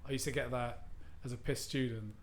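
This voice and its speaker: A man's voice: mid-range voice, fairly even intonation, brisk, a little hiss or hum. A man from Cornwall hosting a live community radio show from a skate shop, chatting casually in a jokey, self-deprecating way.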